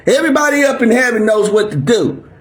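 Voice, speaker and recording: A man's voice: very high-pitched, very animated, quick pace. A man preaching a fiery, aggressive sermon, barking at his listeners in a confrontational, drill-sergeant manner. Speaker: preacher teaching scripture.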